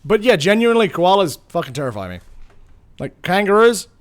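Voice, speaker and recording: Lively young streamer, animated storyteller. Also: male voice, sits high, a little fast. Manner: animated, swears freely. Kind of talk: casual storytelling while gaming.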